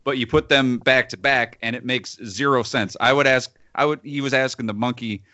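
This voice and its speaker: A man co-hosts a casual talk show, sardonic and quick to chuckle. His tone is bright and cutting, heard dry and close. The recording is a little dull and lo-fi. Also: mid-range voice, fairly even intonation, no room sound. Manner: laughs between phrases, sardonic. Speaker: podcast co-host reviewing films. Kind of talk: casual chat.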